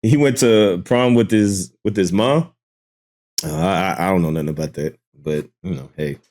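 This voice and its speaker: A man's voice: deep voice, expressive, moderate pace, darkish tone. A man reacting to clips with casual, dismissive commentary, amused and blunt. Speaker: commentary host.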